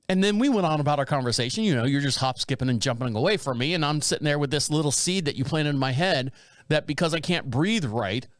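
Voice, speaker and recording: A man in his fifties, co-hosting a casual home-studio chat and telling rambling, animated stories with frequent laughs. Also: a little high, quick pace, no echo. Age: 50s. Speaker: podcast co-host.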